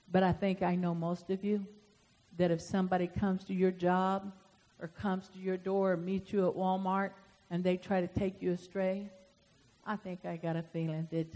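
A woman pastor preaching a sermon, swinging from soft asides to loud emphatic swells. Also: medium pitch. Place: church sanctuary. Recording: long hall reverb.

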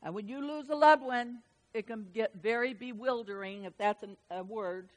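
Woman preacher, high-pitched, dynamic sermon delivery, hushed one moment and booming the next. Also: moderate pace, big-room sound, low-quality recording. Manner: animated, swings between hushed and loud.

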